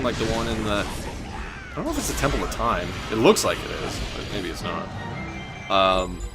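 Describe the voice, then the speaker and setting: A man in his twenties doing casual, rambling gameplay commentary with deadpan jokes, button clicks audible. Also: fairly low pitch. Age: 20s. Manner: joking, rambling, deadpan absurd asides. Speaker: gaming channel host. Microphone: desk mic with button clicks heard. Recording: game music under the voice. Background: game music.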